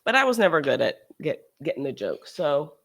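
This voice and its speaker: A host talking casually on a livestream, animated and sarcastic, often restarting sentences and trailing off. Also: mid-range voice, fairly quick, vocal fry. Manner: animated, sarcastic, shifts into mocking quoted voices.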